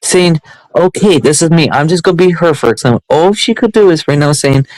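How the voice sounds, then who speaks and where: A man's voice: fairly high pitch, animated, brisk, darkish tone, no room sound, poor audio. A man streamer ranting heatedly on his livestream, repeating himself and restarting sentences.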